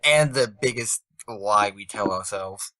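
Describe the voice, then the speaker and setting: A man co-hosting a podcast, chatting casually with halting starts and quiet wry lines. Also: lowish voice, crowd noise. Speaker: podcast co-host. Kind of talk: casual chat.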